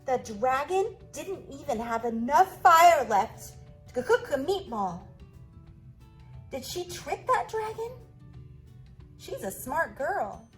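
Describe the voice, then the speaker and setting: A woman kindergarten teacher reading a storybook aloud and asking the children questions in an animated way. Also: sits high, slow pace, long pauses, soft background music, low-quality recording. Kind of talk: storybook read-aloud and lesson.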